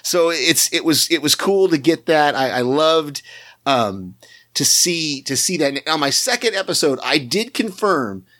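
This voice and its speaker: A man's voice: a little high, lively intonation, a little slow, fairly bright tone. A man co-hosting a podcast, chatting casually about a TV episode and restarting his sentences often. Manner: rambling, many restarts and fillers. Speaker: podcast co-host. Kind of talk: casual TV recap chat.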